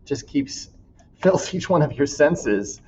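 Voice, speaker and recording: A man's voice: fairly high pitch, expressive, slow, darkish tone, dull audio, slight background noise. A man teaching a class in a recorded walkthrough, casual and laughing often as he reads student writing aloud.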